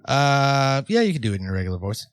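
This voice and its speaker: A male podcast co-host speaks in a mid-pitched voice with a deadpan, mock-serious manner. He pads his talk with ums and likes. The close mic sounds completely dry. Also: quick pace, no echo. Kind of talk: casual comedic podcast chat.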